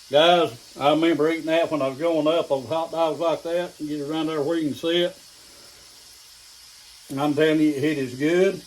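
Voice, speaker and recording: High-voiced East Tennessee man, folksy cooking host. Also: steady tone, moderate pace, rough recording. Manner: folksy and down-home, talking while eating. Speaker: home cooking channel host. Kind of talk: casual cooking vlog. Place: home kitchen. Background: food sizzling in a skillet.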